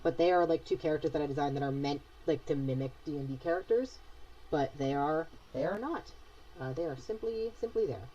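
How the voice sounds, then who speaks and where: A young woman with a low-pitched voice chats loosely with her stream while she sketches, rambling from thought to thought and answering viewers. The audio is a bit dull and lo-fi. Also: fairly quick, mellow, slight background noise. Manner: rambling, chatty, reads and answers chat. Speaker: streamer drawing live. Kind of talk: casual chat while drawing.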